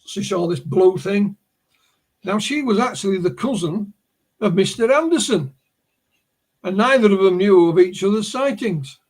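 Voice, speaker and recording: Husky northern English man telling a story. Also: sits high, moderate pace, long pauses, darkish tone. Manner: storytelling, restarts words. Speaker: guest researcher. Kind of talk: podcast interview, recounting a case.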